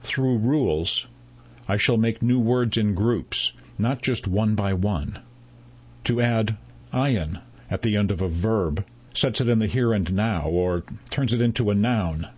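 A man reading a story aloud in a measured, unhurried narration, voicing the characters' dialogue. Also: on the low side, a little mellow, breathy edge, muffled recording.

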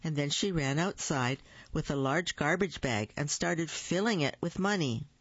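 A storyteller reading a picture book aloud at a deliberate pace, with small slips. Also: mid-range voice, fairly bright tone, breathy edge, no room sound, highs cut off.

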